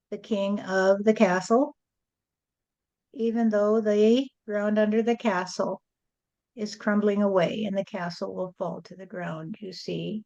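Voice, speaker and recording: A woman speaking as a spirit medium in a channeled spiritual address, with a slow, rhyming, sing-song preaching delivery. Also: medium pitch, mellow, lo-fi sound.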